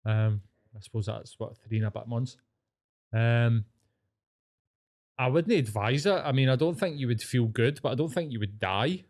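A man's voice: mid-range voice, moderate pace, pauses often. A young Scottish man co-hosting a podcast, swearing a lot as he rants in casual chat. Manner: sweary, ranting, animated. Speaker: podcast co-host.

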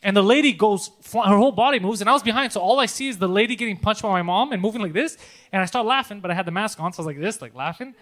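A man co-hosting a casual podcast, telling animated, profanity-laced stories and laughing often. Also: sits high, rapid-fire. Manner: animated storytelling, swears a lot, laughs often. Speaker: podcast co-host.

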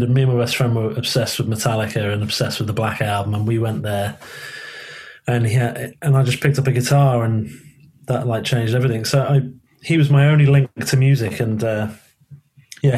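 A guest musician chats casually and tells stories, swearing now and then, in a mid-range voice that's a little mellow and slightly rough. Born in Liverpool and raised in London, he speaks with a Southern English accent carrying slight Liverpool traces.

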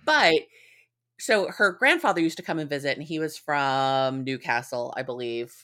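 A woman in her forties, a podcast co-host, telling stories in casual, expressive chat and swearing freely. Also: deep voice, moderate pace.

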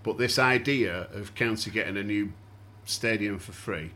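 A man hosting a podcast, walking listeners through events in a steady, explanatory casual chat. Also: lowish voice, normal speed. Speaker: podcast host.

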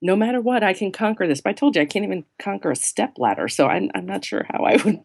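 A woman's voice: medium pitch, very animated, fast, vocal fry. A woman author being interviewed, chatting casually and joking about herself, with plenty of ums and you-knows. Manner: chatty, self-deprecating, lots of fillers. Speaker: guest author.

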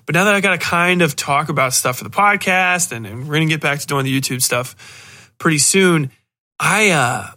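Podcast guy ranting and cussing, kinda high voice, bright and punchy. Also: expressive, moderate pace. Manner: profane, ranting, exasperated. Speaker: podcast host. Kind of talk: casual chat.

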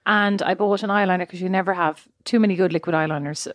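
A young woman co-hosting a casual chat, telling rambling, animated stories. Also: lowish voice, fast talker, no echo. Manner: chatty storytelling, animated and rambling.

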